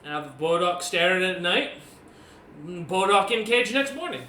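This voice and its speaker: A man's voice: sits high, sing-song, moderate pace, bright, forceful tone, reverberant, voice pushed up, heavily acted. A man voicing a skinny, goofy young male orc who speaks in broken words with a heavy foreign accent. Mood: helpful.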